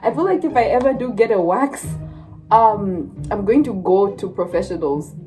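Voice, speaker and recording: A woman's voice: mid-range voice, animated, moderate pace, mellow, soft background music. A woman in her twenties vlogging casually, giggling and exclaiming as she laughs through pain. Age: 20s. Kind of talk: casual vlog chat. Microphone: phone camera.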